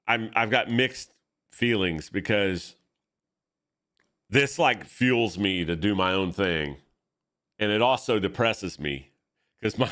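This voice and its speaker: A man chatting casually while drawing at his art desk, excitable, profane and rambling. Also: lowish voice. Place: home art desk with camera setup.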